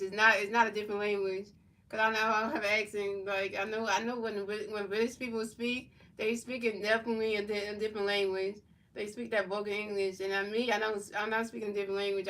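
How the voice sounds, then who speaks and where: A woman's voice: medium pitch, a bit bright, far from the mic. A woman from Philadelphia streaming a football video game, calling plays and chatting casually with viewers, often repeating and restarting her phrases. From Philadelphia, USA. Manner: repetitive, restarts phrases, casual chat-reading. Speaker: gaming streamer.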